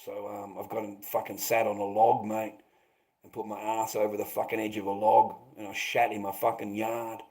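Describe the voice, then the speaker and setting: A man's voice: on the low side, level tone, normal speed, a little mellow, poor audio. Man rambling and swearing on stream. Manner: rambling, heavy swearing, addresses viewers as mate. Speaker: livestreamer. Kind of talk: casual livestream chat.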